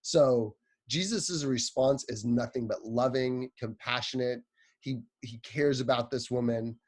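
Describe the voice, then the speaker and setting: A man's voice: medium pitch, a little slow. Chatty young-sounding man preaching casually. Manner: chatty, lots of "like", playful storytelling. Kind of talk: casual sermon.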